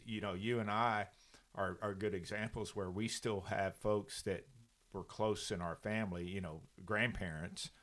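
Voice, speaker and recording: A man hosting a podcast interview, relaxed and encouraging, laughing easily and restarting his sentences. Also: lowish voice. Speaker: podcast host. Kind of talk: casual interview conversation.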